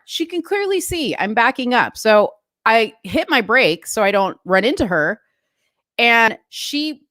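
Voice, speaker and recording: Female vlogger, casual storytelling rant, slightly high, dry close sound. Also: no echo. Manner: chatty, animated retelling with asides.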